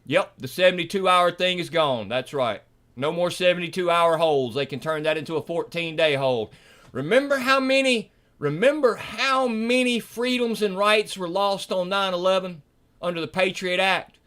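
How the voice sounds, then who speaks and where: A high-voiced man with a Southern accent hosts a livestream from home. He rants with preachy fire and often breaks into shouting. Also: normal speed. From Mississippi, US. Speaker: livestream host. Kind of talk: ranting livestream commentary.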